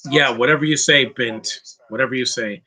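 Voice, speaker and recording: A man's voice: mid-range voice, a little fast, sharp tone, slightly rough. A man hosting a casual live movie commentary, chatty and opinionated, reading out viewer questions and rambling with restarts. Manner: rambling with frequent restarts and laughs.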